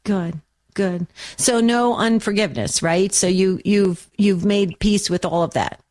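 A woman's voice: mid-range voice, measured pace, a little mellow. A woman hosting a call-in radio show, encouraging and affirming her callers.

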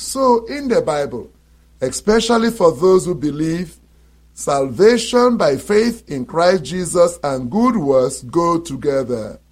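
High-voiced, slow emphatic male preacher. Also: a little mellow. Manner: emphatic, repeats phrases, asks rhetorical questions. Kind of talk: sermon to listeners.

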